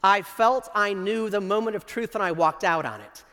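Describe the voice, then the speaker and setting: A middle-aged man telling a story in a keynote talk on stage, with energetic, enthusiastic delivery. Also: high-pitched, moderate pace. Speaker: conference speaker. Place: stage in a large hall. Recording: long reverb from a large hall.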